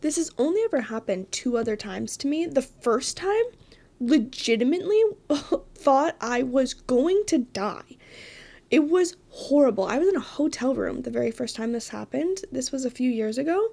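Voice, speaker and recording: A woman hosting a solo podcast, telling a story in a dramatic, animated way with asides. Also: sits high, normal speed, vocal fry. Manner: animated, dramatic retelling with frequent laughs and asides. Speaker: podcast host.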